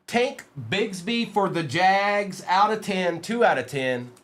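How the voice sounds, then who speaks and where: A man running a livestream card break reads player names aloud while ripping packs, joking with his chat. He talks slowly in a high, animated and fairly bright voice.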